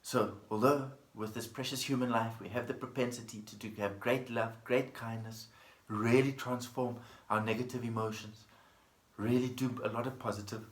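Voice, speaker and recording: A man teaching a dharma talk as a Buddhist teacher, speaking gently in a storytelling manner and repeating plain phrases. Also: medium pitch, fairly even intonation, moderate pace. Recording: echoey room.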